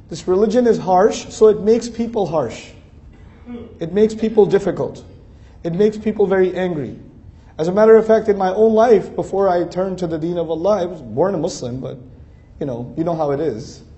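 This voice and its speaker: A man's voice: high voice, moderate pace, warm tone. A man giving an earnest religious lecture, building lists of phrases and rising to emphatic peaks. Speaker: Islamic speaker. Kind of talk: lecture to a Muslim audience.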